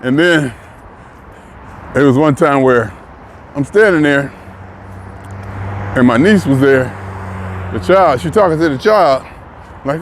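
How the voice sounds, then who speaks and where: A man's voice: on the high side, takes it slowly, pauses often, a little hiss or hum. A man in his early sixties talking frankly in a casual vlog monologue while out walking, often chuckling as he talks. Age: 60s. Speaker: vlogger. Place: outdoors, walking.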